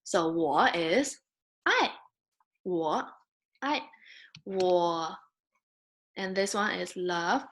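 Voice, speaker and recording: A woman teaching a beginner Mandarin lesson, patiently modeling sounds and words for learners to repeat. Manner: slow, patient, models sounds loudly and high.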